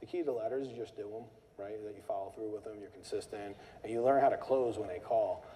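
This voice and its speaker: A man hosts a live meetup and talks quickly and casually to the group. His voice is mellow and warm, and it carries a long hall reverb. He tells animated stories and acts out angry callers in a high voice. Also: a little hiss or hum. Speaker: meetup host.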